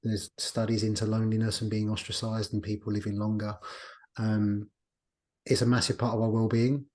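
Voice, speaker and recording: A male podcast host with a fairly low voice. He talks in a reflective, thinking-aloud way, pausing as he works toward his point. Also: little pitch movement, darkish tone. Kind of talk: casual podcast conversation.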